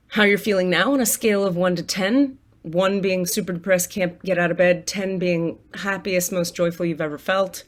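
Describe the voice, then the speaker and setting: A woman talking casually to her viewers from home, candid and chatty, swearing freely and laughing often as she leads a gratitude list. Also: medium pitch. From United States. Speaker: spiritual coach and tarot reader. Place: apartment at home.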